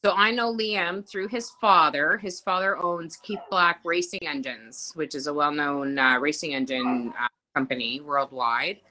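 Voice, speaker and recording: A woman's voice: sits low, measured pace, few pauses, pushed and bright, slight background noise, low-quality recording. A woman co-hosting a casual live podcast from a party, chatty and giggly with frequent laughter. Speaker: podcast co-host. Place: at a noisy party with music.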